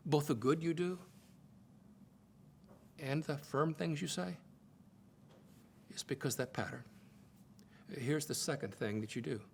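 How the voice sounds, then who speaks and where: A middle-aged man teaching on marriage in a conversational preaching style, stressing points by repeating phrases and jumping in pitch. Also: breathy edge. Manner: emphatic, repeats phrases for stress, jumps to high excited pitch. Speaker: Bible teacher.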